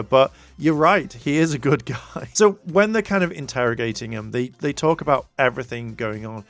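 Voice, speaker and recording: A man's voice: medium pitch, a little fast, gravelly, hardly any pauses, fairly bright tone, no room sound. Rambling man recapping an episode. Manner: rambling, many fillers, acts out quotes. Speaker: TV show reviewer.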